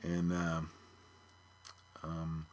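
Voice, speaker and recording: A man's voice: extremely low pitch, monotone, very slow. A man hosting a podcast, thinking aloud in casual music commentary. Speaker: podcast host.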